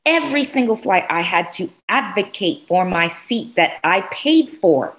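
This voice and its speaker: A woman in casual chat, telling a story with lively swings and acting out what people said. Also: mid-range voice, measured pace. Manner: animated, swearing, acts out dialogue.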